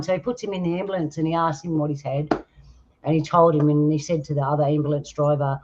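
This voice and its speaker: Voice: medium pitch, level tone, fast, a little mellow, muffled recording. A host, telling a rambling, laughing story in a chatty way. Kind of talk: casual chat and storytelling.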